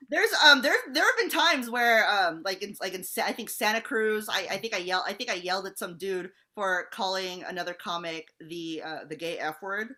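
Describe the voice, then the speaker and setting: A woman stand-up comedian telling stories in a blunt, animated way. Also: mid-range voice, moderate pace, few pauses. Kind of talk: casual chat.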